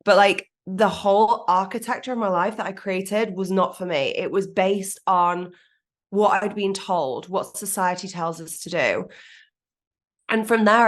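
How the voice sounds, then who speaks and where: Frank woman telling her story. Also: lowish voice. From Manchester, England. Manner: frank and lively, swears casually, laughs at herself. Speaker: business coach guest. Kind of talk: candid personal storytelling.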